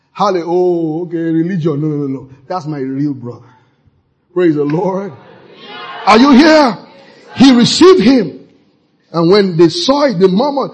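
A man delivers a fervent church sermon, drawing call-and-response from the congregation and bursting into shouts. His voice sits high and comes out husky and breathy. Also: lively intonation, a little slow, long pauses. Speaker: pastor.

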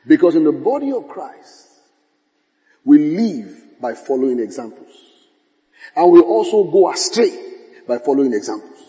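A pastor preaching to his congregation, his fairly high voice jumping into playful quoted voices and bursts of laughter. The sound rings with the long reverb of a large hall. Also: sing-song, normal speed, long pauses, mellow. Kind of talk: sermon.

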